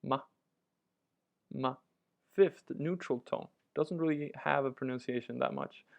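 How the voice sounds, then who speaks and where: A man's voice: on the high side, normal speed, creaky. A man teaching a language lesson, patiently walking through each example and repeating it. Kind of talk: instructional walkthrough.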